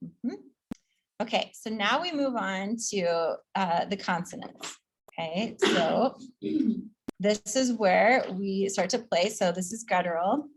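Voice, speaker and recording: A chatty, upbeat woman teaching a pronunciation lesson at a mid-range pitch. She drills each sound slowly and repeatedly for students to echo. Her tone is relaxed and casual, with easy laughter. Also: slight background noise. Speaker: yoga teacher training instructor.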